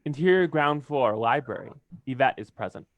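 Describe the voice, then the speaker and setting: A man's voice: mid-range voice, lively intonation, moderate pace, no room sound. A man reading stage directions aloud in a plain, straightforward way, sometimes stumbling over a word. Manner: plain, occasionally stumbling and laughing.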